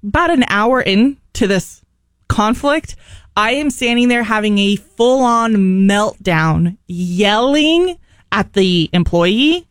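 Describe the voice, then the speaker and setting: A woman co-hosting a radio talk show, telling a story in a lively, animated way and laughing often. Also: on the high side, takes it slowly, dry recording, studio quality. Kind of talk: casual storytelling chat.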